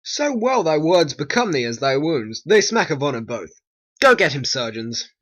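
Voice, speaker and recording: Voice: medium pitch, big pitch swings, moderate pace, a bit bright. A hobby voice actor voicing a gracious old king in a homemade stop-motion play, speaking formally and with stately weight. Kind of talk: homemade animation voice acting.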